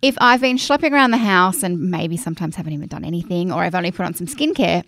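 A woman's voice: on the low side, lively intonation, fast, fairly bright tone, no room sound, studio quality. A woman, co-hosting a casual chat show and giving practical skincare advice step by step. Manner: chatty and practical, explains step by step.

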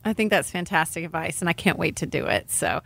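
A woman's voice: fairly low pitch, fairly quick, creaky, fairly bright tone, no echo. A woman hosting a podcast in casual chat, bubbly and gushing, laughing often. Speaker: podcast host.

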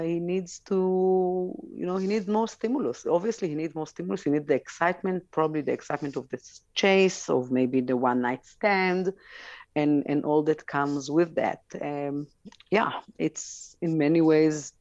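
A woman's voice: low-pitched, darkish tone, dry recording, muffled recording. A woman on a talk show giving frank sex advice, laughing easily between points. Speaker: sex educator guest.

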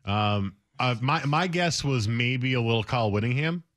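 A man's voice: medium pitch, lively intonation, moderate pace, a bit bright, no echo, clean studio sound. A man hosting sports talk radio in a casual, conversational way, reading listener prompts and quotes aloud.

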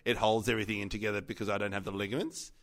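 A man's voice: lowish voice, very fast. A man, co-hosting a casual podcast and telling a funny story with lots of laughter. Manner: animated, laughs a lot while telling a story. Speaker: podcast co-host.

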